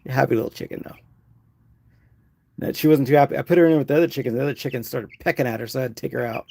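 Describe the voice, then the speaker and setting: Gravelly man chatting while woodturning. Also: mid-range voice, rapid-fire. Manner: relaxed, chatty explaining as he works. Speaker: woodturner streaming his craft. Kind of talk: casual live-stream chat.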